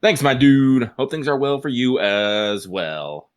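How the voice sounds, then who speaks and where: A man co-hosting a podcast, chatting casually and reading out listener mail in an animated way, laughing often. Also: medium pitch, takes it slowly. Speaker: podcast co-host.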